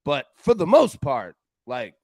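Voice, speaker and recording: A man's voice: a little high, slow pace, gravelly, dry recording. A man hosting a sports betting show, chatting casually in a loose, slangy way. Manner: animated, loose and slangy, lots of "man" and "dude".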